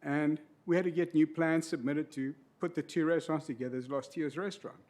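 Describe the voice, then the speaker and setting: A middle-aged man speaks into a podium microphone at a county meeting. He talks in an earnest, emotional way and lays out details, and his voice sits a little high for a man. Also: fairly even intonation, a little fast, darkish tone. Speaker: public commenter, trustee of local business property. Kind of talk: public comment at a county meeting. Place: county board meeting room.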